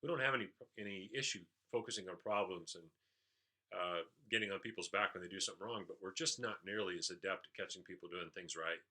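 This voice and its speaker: Sharp-toned, low-pitched male trainer. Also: fast talker. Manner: explanatory, steady, with frequent "uh" fillers. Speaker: leadership trainer. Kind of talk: recap of a training session.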